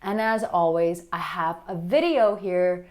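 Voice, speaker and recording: Animated woman dating coach, blunt and lively. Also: lowish voice, a little slow. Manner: animated, blunt, acts out voices, casual swearing. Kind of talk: direct-to-camera advice vlog.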